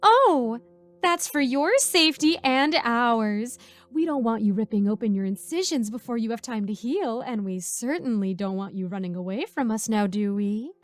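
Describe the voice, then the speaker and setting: A woman's voice: on the high side, lively intonation, moderate pace, no echo, faint music behind, natural voice. A woman voicing a sweet but creepy motherly woman who runs a medical experiment, speaking in a sing-song, overly soothing way. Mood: sweetly sinister.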